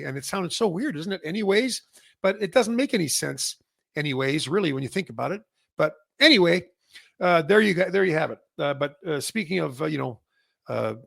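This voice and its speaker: A man's voice: fairly high pitch, creaky, a bit bright, slightly rough, no room sound, clean studio sound. A middle-aged man from Canada hosting a casual industry update, rambling with many restarts and fillers. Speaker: massage chair retailer and host.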